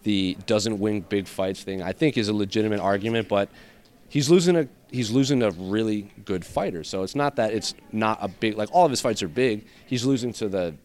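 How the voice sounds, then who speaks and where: A man, a guest journalist, giving animated, casual analysis in a roundtable. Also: on the low side. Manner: quick, animated analysis with fillers.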